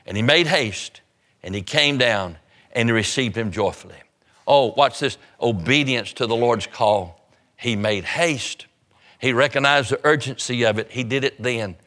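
A man's voice: mid-range voice, unhurried, fairly bright tone. Fervent male preacher. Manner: fervent, urgent, repeats phrases for emphasis. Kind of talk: evangelistic sermon.

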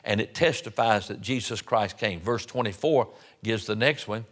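A man, a pastor giving announcements and a sermon, reading scripture slowly and emphatically with small folksy restarts. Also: fairly low pitch, a bit bright. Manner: slow, emphatic reading of scripture with rising stress on key words. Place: church sanctuary.

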